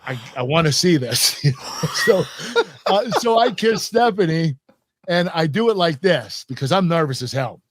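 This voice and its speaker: A man's voice: sits high, expressive, normal speed, no echo, clean studio sound. A man in his fifties with an American accent, a guest telling stories in a casual interview, laughing often and acting out quoted lines. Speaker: guest, retired pro wrestler.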